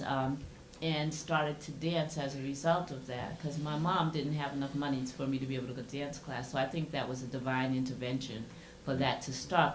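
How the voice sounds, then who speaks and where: Low-voiced woman on a roomy panel. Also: slight background noise. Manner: reflective, with many hesitations. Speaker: panelist, dancer. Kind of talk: panel discussion remarks. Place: symposium panel in a large room. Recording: roomy room sound.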